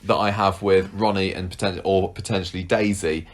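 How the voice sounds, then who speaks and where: Male podcaster, very low voice, relaxed opinionated chat. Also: normal speed. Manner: thoughtful, opinionated, laughs easily. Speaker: podcast co-host. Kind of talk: casual chat.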